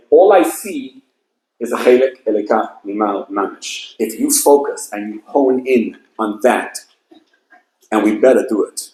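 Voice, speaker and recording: A man's voice: lowish voice, warm tone, echoey room, low-quality recording. Passionate man preaching a sermon. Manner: passionate, emphatic storytelling. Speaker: rabbi. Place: event hall with audience.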